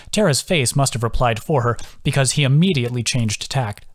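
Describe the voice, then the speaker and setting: A man's voice: mid-range voice, a little fast, hardly any pauses. Man narrating a fantasy audiobook. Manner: steady storytelling. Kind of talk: scripted narration.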